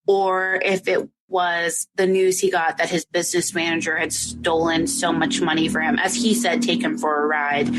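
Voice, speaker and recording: A chatty woman, slightly low for her sex, talks casually to her listeners on a live stream. Her speech is loose and full of fillers. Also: background noise. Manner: chatty, lots of "like" and "um". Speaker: podcast host. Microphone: home microphone for a live stream.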